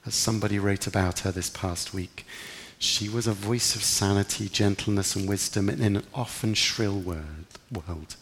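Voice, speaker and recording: A man's voice: on the low side, moderate pace, a bit bright, in a large hall, slight background noise. A man preaching a sermon in an earnest, reflective way, lifting his voice for emphasis. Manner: earnest, reflective, rising with emphasis in quoted prayers.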